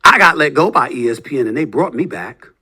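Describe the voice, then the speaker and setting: A man in his fifties delivering a heated, combative monologue as a sports talk host, taunting with rhetorical questions and swinging between low muttering and loud outbursts. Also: animated, brisk, husky. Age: 50s.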